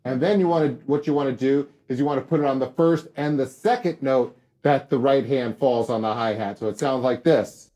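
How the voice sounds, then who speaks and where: A man's voice: medium pitch, brisk, hardly any pauses. Upbeat man teaching drums. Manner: relaxed, upbeat, talks to viewers directly. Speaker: drum teacher. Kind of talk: casual drum lesson. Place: drum studio.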